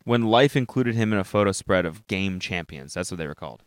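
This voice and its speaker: Lively teasing young man. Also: low voice, no room sound, studio quality. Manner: teasing, quick interjections. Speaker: podcast co-host. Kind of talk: casual chat.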